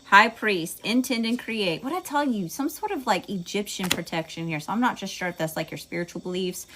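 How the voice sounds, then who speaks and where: A woman's voice: medium pitch, lively intonation, brisk, noisy background. A woman with a Southern US accent giving a casual tarot reading, chatty and swearing freely as she talks to her audience. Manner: chatty, swears freely, says y'all a lot, laughs at herself. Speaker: tarot reader.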